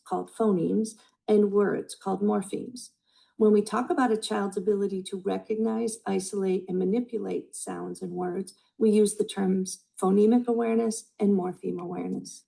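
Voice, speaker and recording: Woman, student presenter, measured scripted reading, heavy vocal fry. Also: mid-range voice, warm tone, low-quality recording. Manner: measured, reads from a prepared script.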